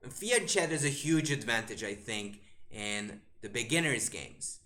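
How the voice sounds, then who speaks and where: With an expressive, sharp-toned voice at medium pitch and normal speed, a grandmaster commentates his game on a live stream. He keeps throwing exasperated questions at the board and quietly muttering lines of moves.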